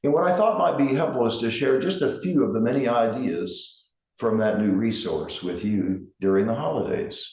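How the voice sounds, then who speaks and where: A middle-aged man, a grief counselor, giving a gentle, measured reflective talk with emphasis on key words. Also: medium pitch. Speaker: grief counselor and center director. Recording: roomy echo.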